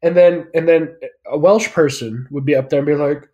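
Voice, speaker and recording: Joking podcast co-host, high-ish man. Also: moderate pace, hardly any pauses. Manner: joking, animated storyteller. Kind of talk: casual chat.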